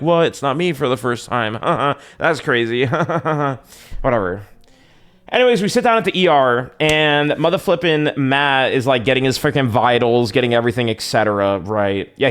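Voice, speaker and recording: Young male streamer, lively pitch, rambling casual storytelling with slang and swearing. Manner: rambling, profane, slangy, lots of filler.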